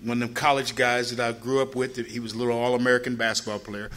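An older man from Ohio telling his own story in a loose, rambling way, jumping his voice up high when he acts out what people said. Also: fast talker. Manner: animated, acts out quoted people with a raised voice; loose, rambling with frequent "you know" asides. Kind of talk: personal storytelling.

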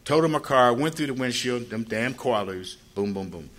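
In a mid-range voice at an ordinary pace, an older man spins a rambling personal tale full of "you know"s. He brings it to life by acting out quoted people in a raised voice.

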